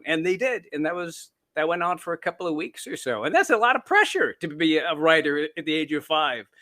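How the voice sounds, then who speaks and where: The author guest, a Canadian-born man, has a fairly high, slightly bright voice. He tells stories casually in an interview, chatty and self-deprecating, often using fillers and starting over.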